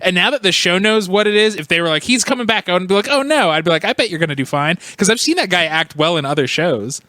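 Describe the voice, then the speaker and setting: A young man with a fairly high, bright, forceful voice banters casually as a podcast co-host. He jokes around, throws in quick voices to quote characters, and sounds close and dry with no room echo. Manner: quick, joking, and prone to quoting characters in voices. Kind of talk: casual chat about a TV show.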